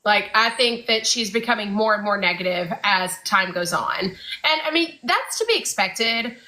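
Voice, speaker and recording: A woman's voice: medium pitch, lively intonation, moderate pace, pushed and bright, poor audio. A woman co-hosting a casual fan podcast, talking in a chatty way with lots of fillers. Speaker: podcast co-host.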